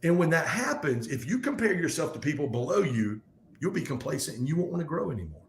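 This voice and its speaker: A man speaking as a guest in a casual podcast conversation, talking in an animated, fast, motivational way. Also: on the high side, slight background noise. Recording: echoey room.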